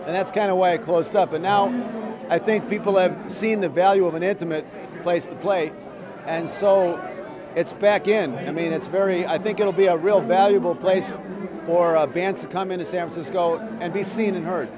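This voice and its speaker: A man with a fairly high voice tells a story in an interview, acting out the people he quotes. A loud crowd chatters around him at a busy venue. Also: normal speed. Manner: animated storyteller, acts out quotes. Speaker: interviewee, musician. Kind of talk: casual interview anecdote. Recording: crowd noise behind.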